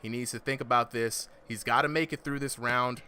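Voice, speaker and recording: On a noisy livestream, a man gives live esports-style commentary of a boxing exhibition, heavy on slang and hype and often asking "you know what I'm saying". His voice is medium-pitched, brisk and sharp, with fairly even intonation.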